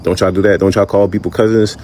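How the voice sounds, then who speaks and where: A man's voice: lowish voice, little pitch movement, fast talker, dark tone, a little hiss or hum. A man explaining something casually to the camera, rambling and slangy.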